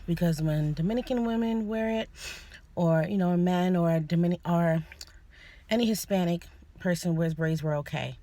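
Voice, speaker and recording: A woman's voice: fairly low pitch, moderate pace, dark tone, no room sound. A young woman talking earnestly to camera in a personal vlog, hesitant, often restarting and apologizing. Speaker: vlogger. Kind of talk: personal opinion monologue.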